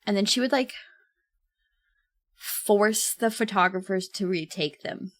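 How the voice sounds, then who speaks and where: A young woman streaming while she draws, chatting casually, giggling often and reading chat out loud. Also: mid-range voice, unhurried, no echo.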